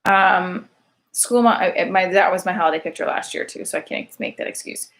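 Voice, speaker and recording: A woman's voice: lowish voice, brisk, a bit bright. A woman in her thirties, a single mother doing a rambling comic monologue, chatty and full of fillers, with sarcastic self-mocking jokes.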